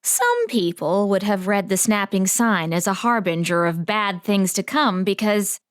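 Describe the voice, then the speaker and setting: A woman performs an audiobook character voice, playing a theatrical, gossipy small-town woman who is coy and loves drama. Her mid-range voice is very animated, clear, and resonant, and she speaks a little slowly.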